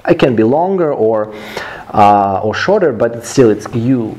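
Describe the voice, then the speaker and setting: A man teaching English pronunciation, repeating phrases slowly for students to copy. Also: mid-range voice, expressive, a little mellow, dull audio. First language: Russian. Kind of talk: slow drilling pronunciation lesson.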